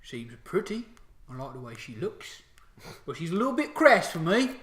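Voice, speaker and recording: A man voicing dim-witted, squabbling male orc guards in loud, simple-minded grumbles. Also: on the high side, very animated, normal speed, voice pushed up. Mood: gossiping. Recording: echoey room.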